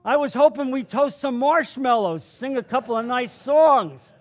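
A man's voice: extremely high pitch, moderate pace, voice pushed up. A man voicing a disappointed male churchgoer who complains in a self-pitying way. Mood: grumbling.

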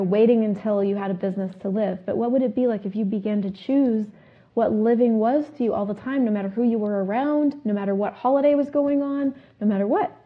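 A woman hosting a self-help talk show, asking her listeners questions and reciting a repeated clearing statement. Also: medium pitch. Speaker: host. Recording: phone-like narrow sound.

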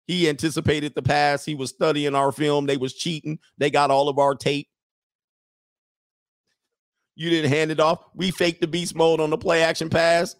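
A man's voice: a little high, flat delivery, moderate pace, vocal fry, no echo, studio quality. A man putting on a male football coach who rambles through excuses for a bad call. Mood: rambling.

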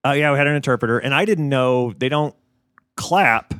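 A man hosting a casual podcast chat, a comedian who talks quickly and swears casually. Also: mid-range voice, a bit bright, no echo. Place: hotel room.

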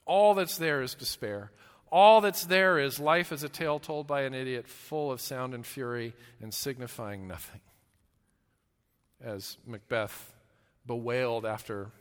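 A man preaching a sermon as a pastor, earnest, often restarting his words and swinging between loud emphasis and hushed, slow lines. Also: medium pitch. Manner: earnest, with repeated restarts and stammers. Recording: long hall reverb.

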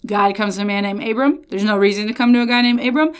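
A woman giving a casual Bible lesson, retelling stories in lively slang with playful voices. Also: medium pitch, fast, clean tone. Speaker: Bible teacher.

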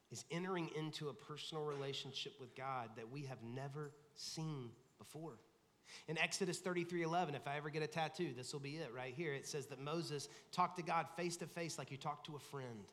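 Conversational pastor in a reverberant sanctuary. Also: male voice, on the high side. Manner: conversational preaching, animated, acts out quoted voices. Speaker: lead pastor. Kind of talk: sermon. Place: large church sanctuary. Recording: long hall reverb.

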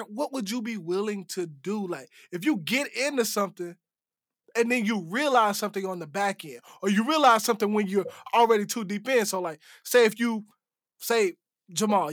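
Animated man retelling a show, dry sound. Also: sits high, no room sound. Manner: animated storyteller acting out quotes. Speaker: podcast co-host. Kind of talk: casual chat.

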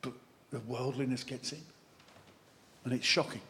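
A man, a vicar, giving a lively sermon that wanders into chatty, self-mocking asides. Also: mid-range voice, moderate pace, long pauses. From England. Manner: animated, chatty preaching with digressions and self-deprecating asides.

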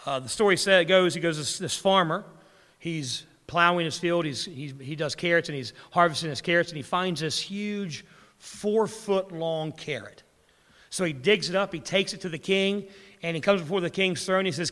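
A man's voice: fairly high pitch, normal speed, a bit bright, big-room sound. A man preaching a sermon as pastor, telling a story with frequent restarts and repeated words.

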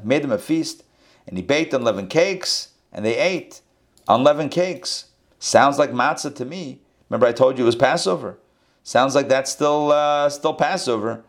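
A man teaching a scripture class with animated delivery, rhetorical questions and playful asides. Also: medium pitch. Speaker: Bible teacher.

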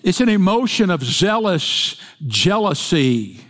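Man, pastor, folksy joking sermon, fairly high voice, long church-hall reverb. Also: very animated, slow pace, a bit bright. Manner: folksy storytelling with jokes.

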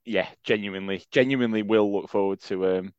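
A man's voice: lowish voice, fairly even intonation, a little fast, a little mellow, clear, resonant tone, no room sound. Dry-humoured man, dull audio. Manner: dry, self-mocking humour. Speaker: podcast co-host. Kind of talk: casual chat. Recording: slightly dull, lo-fi sound.

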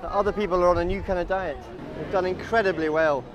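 A man's voice: sits high, fairly even intonation, fast talker, crowd noise. A man leading a walking group outdoors on a city street, telling chatty, absurd comic stories and calling everyone guys. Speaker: comic tour guide.

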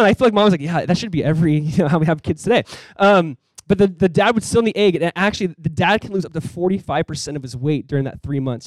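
A male pastor delivers a sermon at a rapid clip, talking to the congregation like he's chatting with friends. His voice sits a bit high for a man, and the room is dry with no echo. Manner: conversational, animated preaching with quick asides.

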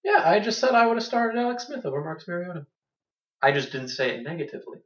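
A man's voice: high-pitched, sing-song, quick pace, fairly bright tone, distant mic. A man co-hosting a podcast, chatting casually about fantasy football, playful and laughing often. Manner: playful, laughs often, puts on mocking voices. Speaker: podcast co-host. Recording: dull lo-fi sound, a bit off-mic.

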